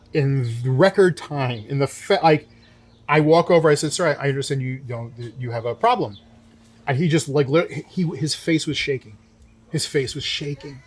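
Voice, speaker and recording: Animated young man telling a story. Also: fairly high pitch. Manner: animated storyteller acting out quotes. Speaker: co-host. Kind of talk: casual storytelling chat. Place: winery.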